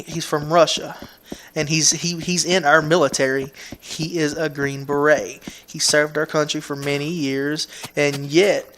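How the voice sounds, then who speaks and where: A man's voice: a little high, fairly bright tone, slight background noise. A man with a Southern US accent who hosts a gaming video, rambling through casual commentary at a home computer mic. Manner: rambling, repeats words and restarts, laid-back.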